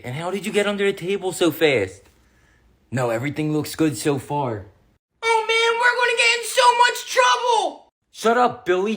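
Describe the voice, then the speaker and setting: A sketch comedian playing every role in a family comedy sketch, switching between put-on voices and often shouting. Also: mid-range voice, wildly swooping pitch, moderate pace, dry recording. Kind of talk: one-man comedy sketch with many voices.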